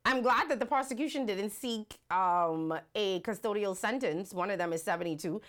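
Woman livestreamer, speech, lively swooping pitch, rhetorical questions, chatty. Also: moderate pace. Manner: animated, rhetorical, reads viewer comments aloud. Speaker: livestream host. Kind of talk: casual live-stream commentary.

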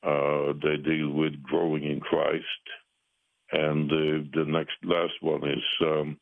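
A pastor speaking as a radio guest over the phone, earnest and halting, with many pauses and fillers. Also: male voice, rumbling low, monotone, gravelly, no echo. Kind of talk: radio call-in conversation. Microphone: telephone. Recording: tinny phone line.

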